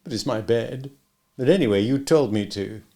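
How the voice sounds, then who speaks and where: A man's voice: mid-range voice, moderate pace, warm tone, close to an everyday voice. A man reading a cool sarcastic spy, Bond. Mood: bantering. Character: confident, sarcastic British male spy.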